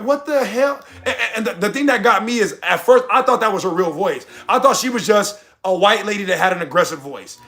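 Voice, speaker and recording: Young american guy ranting on stream, high and bright, cussing a lot. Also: gravelly. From United States. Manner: loud, animated, cussing rants. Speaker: streamer reacting to chat. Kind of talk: casual livestream commentary.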